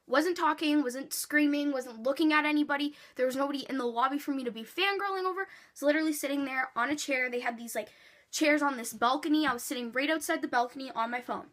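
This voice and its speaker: A woman vlogger telling a storytime in an animated way, swearing freely and acting out quotes. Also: high-pitched. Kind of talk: storytime vlog.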